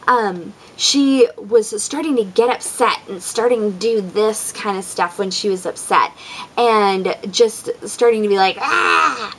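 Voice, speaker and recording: The recording is rough, with a little hiss or hum, and her voice is medium in pitch. A young parent vlogger, she chats through parenting tips casually, leaning on ums and likes and acting out her words to her kids.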